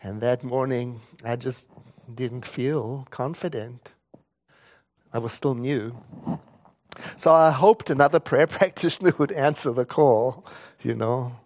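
A man's voice: medium pitch, darkish tone. A man who works as a prayer practitioner, telling a personal story in a spiritual talk, earnest and rising to emphatic points.

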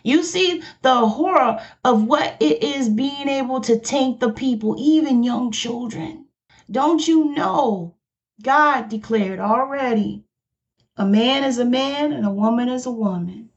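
A woman pastor preaching a sermon, slow and emphatic, declaring each point firmly. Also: on the high side. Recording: dull lo-fi recording.

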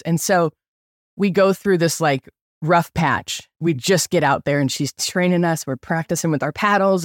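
A middle-aged woman hosting a podcast, telling a story in an animated, chatty way with lots of likes and okays. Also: sits low, no room sound, studio quality. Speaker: podcast host. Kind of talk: casual storytelling.

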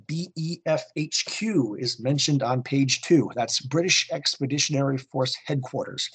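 A man who hosts a podcast reads aloud from a war comic in dramatic second-person narration, following it with a history segment. He speaks at normal speed with few pauses, in a medium-pitched, slightly rough voice captured on a rough recording.

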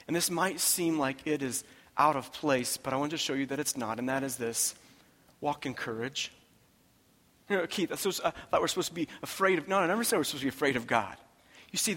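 Male pastor, fairly high voice, preaching with passion, hushed to loud, long hall reverb. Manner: impassioned, swinging from hushed to loud. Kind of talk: sermon.

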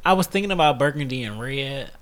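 A man's voice: medium pitch, lively intonation, quick pace, a bit bright, a little hiss or hum. A man in his thirties co-hosting a casual podcast chat, laid-back and tossing in hype-man affirmations. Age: 30s. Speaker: podcast co-host.

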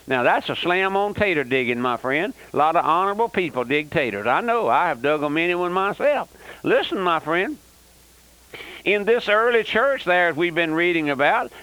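Fiery old radio preacher. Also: male voice, high voice, fairly bright tone, poor audio. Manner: fiery, emphatic, repeats "that's right". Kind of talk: radio sermon.

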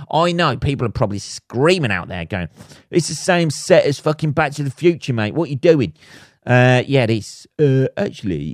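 A man hosting a solo comedy podcast, rambling and swearing with deadpan asides. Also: mid-range voice, clear, resonant tone, dry recording, studio quality. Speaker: podcast host.

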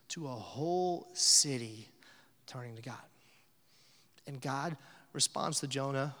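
A male pastor preaching in a casual, conversational way, swinging from easygoing asides into forceful, emphatic passages. His voice sits a little high for a man. It carries a long, ringing reverb from a large church space. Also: normal speed. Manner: conversational, emphatic, rising to intense stress. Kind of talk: sermon. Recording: reverberant hall.

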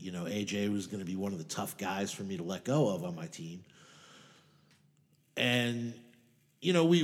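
A man's voice: on the low side, in a large hall. A man co-hosting a fantasy football podcast, bantering in casual chat with jokes and mock-earnest apologies. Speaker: podcast co-host.

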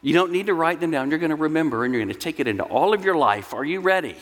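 A man's voice: a little high, expressive, racing, long reverb tail. A man voicing a blunt, overconfident male psychiatrist who barks commands at a patient. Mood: smug. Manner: blunt, impatient, shouting commands. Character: brash, overconfident male psychiatrist, middle-aged.

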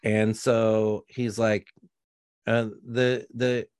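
A man's voice: on the low side, flat delivery, very slow, darkish tone, smooth, no echo. Guy on a podcast rambling about a bad movie, sarcastic, dry close sound. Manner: rambling, self-interrupting, sardonic. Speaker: podcast co-host. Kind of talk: casual movie review chat.

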